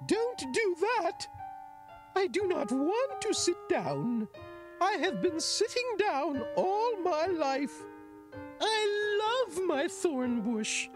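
A fussy, tearful old lady, as a man puts her on for a storybook, her voice climbing high and wavering. She swings widely in pitch and talks slowly. Music plays under the reading. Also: very animated, exaggerated voice. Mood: anguished. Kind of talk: storybook character voice.

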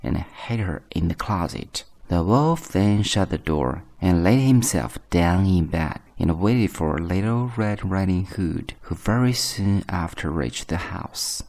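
A man reads a bedtime story aloud in a calm, measured way. His voice is deep and gravelly, with a lively, expressive rise and fall. He sounds like a teacher telling a story to listeners before sleep. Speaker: English teacher reading bedtime stories.

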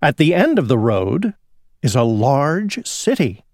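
Man reading a picture book aloud; slow, with a rising and falling pitch, dry sound. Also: no room sound. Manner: slow, expressive storytelling.

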